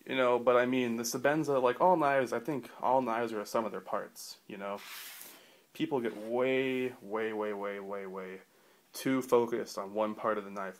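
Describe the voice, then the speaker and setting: A man's voice: mid-range voice, steady tone, moderate pace. A man giving a casual knife review in a rambling way, full of fillers and restarts, with dry offhand humor.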